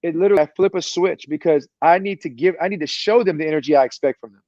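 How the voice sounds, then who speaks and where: A man who works as a performance coach, talking as a guest in an energetic, motivational way over a video call. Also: fairly high pitch, fast talker, no echo, highs cut off. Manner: fired-up, motivational, preachy delivery. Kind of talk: energetic podcast interview talk.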